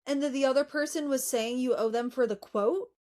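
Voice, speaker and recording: A woman's voice: sits high, fairly quick, darkish tone. A woman co-hosting a podcast, asking curious follow-up questions in casual chat. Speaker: podcast co-host.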